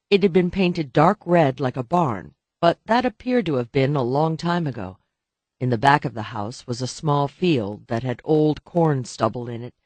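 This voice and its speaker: A man narrating a novel as an audiobook reader, in a steady, even storytelling manner. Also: medium pitch, no echo. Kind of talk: scripted narration.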